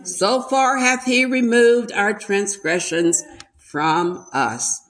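A woman preaching a sermon slowly and emphatically, an older speaker. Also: mid-range voice, a bit bright.

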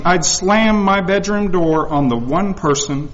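A man's voice: high-pitched, a little slow, fairly bright tone, highs cut off. A man addressing a congregation, earnestly retelling a personal story and voicing the people in it. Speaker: visiting speaker. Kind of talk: sermon storytelling.

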